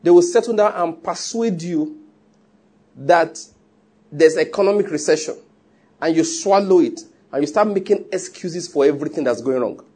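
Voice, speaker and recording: A man's voice: fairly high pitch, moderate pace, mellow, slightly rough. A man preaching a sermon in an emphatic, conversational way, with joking asides. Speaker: pastor.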